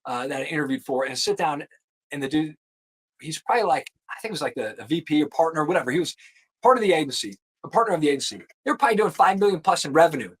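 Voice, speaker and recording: A man in his thirties with a slightly high voice tells his career story as a guest, loose and animated. He peppers every sentence with "dude" and "like" and throws in casual swearing. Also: quick pace, slightly rough. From US East Coast. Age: 30s. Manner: slangy, animated, swears, says "dude" and "like" a lot. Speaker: insurance producer, guest.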